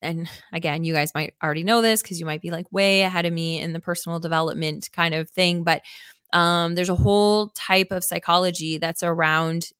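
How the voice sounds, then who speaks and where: A woman's voice: lowish voice, fairly even intonation, brisk, a bit bright, smooth, dry recording, studio quality. A woman hosting a podcast, talking in an earnest, enthusiastic and rambling way, with many fillers. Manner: enthusiastic, emphatic. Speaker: podcast host. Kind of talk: casual reflective podcast chat.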